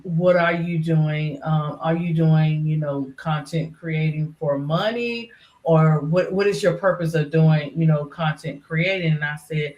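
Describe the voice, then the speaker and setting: A woman's voice: low-pitched, darkish tone. A middle-aged woman chatting casually as a live-stream panelist, rambling with lots of "you know" fillers. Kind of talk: casual chat. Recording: echoey room.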